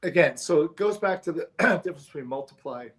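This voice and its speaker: A man's voice: a little high, expressive. A man co-hosting a podcast, chatting casually and telling jokes. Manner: quick-talking, joking. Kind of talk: casual chat.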